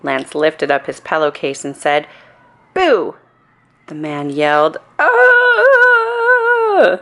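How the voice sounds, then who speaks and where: A woman reading a children's storybook aloud in a calm, soothing bedtime manner. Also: sits low, normal speed. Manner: calm, soothing reading with playful character voices.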